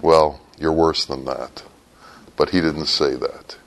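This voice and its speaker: Deep voiced guy telling a story in a sermon, goes quiet then suddenly loud and high. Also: fairly even intonation, takes it slowly, low-quality recording.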